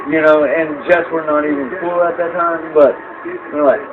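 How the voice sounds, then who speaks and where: Dude rambling a drunk history story, swearing nonstop, slightly high voice, kinda muffled lo-fi audio. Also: male voice, normal speed, crowd noise. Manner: profane, slangy, keeps saying dude; acts out quoted voices, sometimes squeaky.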